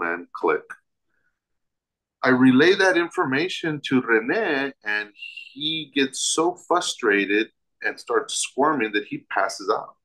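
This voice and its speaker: A man's voice: mid-range voice, very animated, takes it slowly, fairly bright tone, low-quality recording. A man telling a personal story as an interview guest, vivid and emphatic, with restarts.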